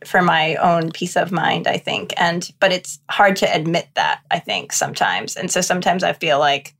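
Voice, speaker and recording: A woman's voice: lowish voice, animated, moderate pace, a bit bright. A middle-aged woman speaking as a podcast guest in a candid, thoughtful and slightly self-deprecating way. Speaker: podcast guest, freelance marketer. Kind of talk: casual podcast interview.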